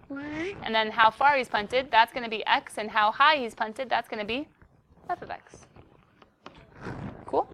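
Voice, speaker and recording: A young woman teaching a high school math class, playful and chatty with her students, who she teases as she talks them through problems. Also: moderate pace, pauses often, bright, forceful tone.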